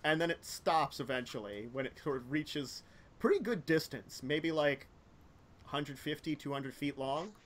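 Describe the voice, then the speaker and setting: A man narrating as game master, describing scenes in loose, halting speech full of ums and likes. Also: a little high, lively intonation, a bit bright.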